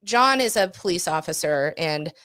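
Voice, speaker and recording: A woman's voice: lowish voice, lively intonation, moderate pace, a bit bright, dry recording. A woman on a casual podcast, rambling through a story with lots of ums and little laughs. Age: adult parent.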